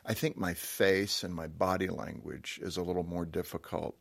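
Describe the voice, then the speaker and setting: A man hosting a conversational radio interview, animated and often jumping up in pitch when amused. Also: moderate pace, vocal fry, breathy edge. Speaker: radio host.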